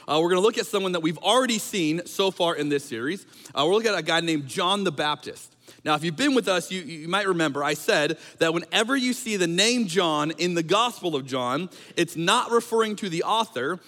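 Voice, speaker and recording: A man preaching a conversational sermon as pastor, animated and joking, sometimes acting out quotes in a raised voice. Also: on the high side, big-room sound.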